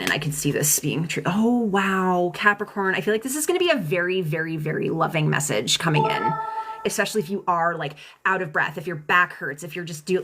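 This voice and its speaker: A young woman with a slightly low voice reads tarot on a live stream from home. She talks in an emotional, rambling way, restarting her sentences and swearing casually as she goes. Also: fairly bright tone, slight background noise. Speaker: tarot reader. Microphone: phone or webcam mic.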